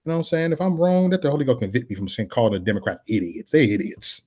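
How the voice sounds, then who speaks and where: A man of middle pitch rants like a street preacher, hammering the same phrases over and over. He drops casual slang between sermon-style declarations and swings from loud outbursts to low, muttered asides. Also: rapid-fire, breathy edge. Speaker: political vlogger. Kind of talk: preachy live-stream monologue.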